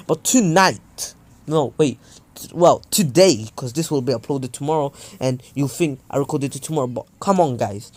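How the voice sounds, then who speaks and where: Animated young man ranting. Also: on the high side. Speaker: YouTuber. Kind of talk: casual fan-fiction narration. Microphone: earphone mic.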